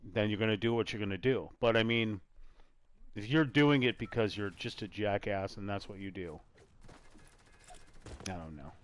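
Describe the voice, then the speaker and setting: Guy hosting a gaming talk stream, low voice, kinda rambly, dry mic. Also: normal speed, long pauses, no room sound. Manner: rambling, hesitant, trails off. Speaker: podcast host. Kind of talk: casual chat while gaming.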